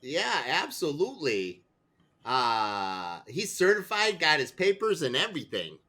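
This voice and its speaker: A man improvises a character at a tabletop game in a playful, stammering style. His voice is bright and a little high, and his pitch swings widely. He drags his lines out slowly, circling back over his words. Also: wildly swooping pitch. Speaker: player. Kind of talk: in-character improv role-play.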